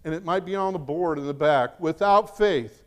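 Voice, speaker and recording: A middle-aged man preaching a sermon in a fairly high voice. He is animated, pressing points loudly, then dropping into soft, confiding asides. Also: fairly quick. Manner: animated, swings from loud emphasis to quiet asides. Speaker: pastor.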